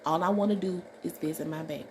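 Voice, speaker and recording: Woman voicing an agitated young dad pleading in quick bursts, voice close to her own. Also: fairly low pitch, steady tone, noisy background, natural voice. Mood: frustrated. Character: frustrated young father wanting to see his baby.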